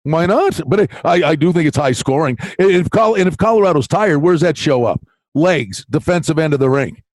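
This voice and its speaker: A man co-hosting a sports betting podcast, animated and folksy, calling his partner buddy and pal. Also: a little high, normal speed, no echo. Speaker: podcast co-host, betting analyst. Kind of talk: casual sports betting chat.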